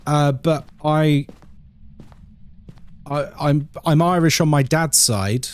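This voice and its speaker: A man's voice: a little high, steady tone, takes it slowly, clean tone. A man from England chatting casually on a live game stream, reading out chat and laughing often.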